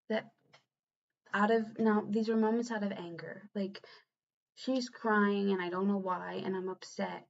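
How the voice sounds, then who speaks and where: A young woman talking earnestly in a personal confessional vlog. She speaks haltingly and often restarts her sentences. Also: medium pitch, flat delivery, gravelly. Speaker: vlogger and new mother. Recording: slightly dull lo-fi recording.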